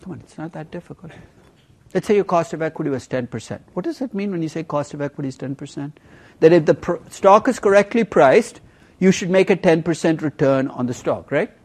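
Lively man lecturing on finance. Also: fairly high pitch, brisk, husky. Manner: lively, emphatic, teasing students with questions. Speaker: finance professor. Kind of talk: university lecture.

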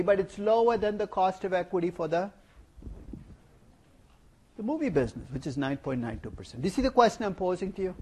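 Man, middle-aged, finance lecturer, playful, rhetorical questions, slightly high voice. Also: a little mellow, husky. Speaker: finance professor. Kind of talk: university lecture. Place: lecture hall.

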